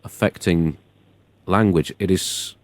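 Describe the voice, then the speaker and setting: A man co-hosting a satirical comedy podcast, telling a string of puns with mock outrage and deadpan delivery. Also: deep voice, slow pace, dry recording. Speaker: podcast co-host.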